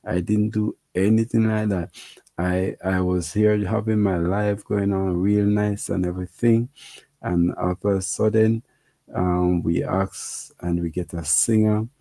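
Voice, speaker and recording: Gravelly low-voiced Jamaican man chatting. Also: fairly even intonation, measured pace, warm tone, no room sound. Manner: laughing, chatty, repeats himself. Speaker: livestream host. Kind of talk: casual livestream chat reading comments.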